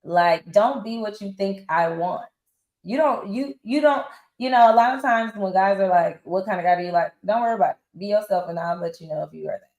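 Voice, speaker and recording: A lively woman in her forties talks through her experiences like a friend catching up, slipping into other people's voices as she quotes them. Her voice carries a roomy echo around it. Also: medium pitch, fairly quick. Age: 40s. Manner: animated storyteller acting out quotes. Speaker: interview guest. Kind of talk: casual interview talk.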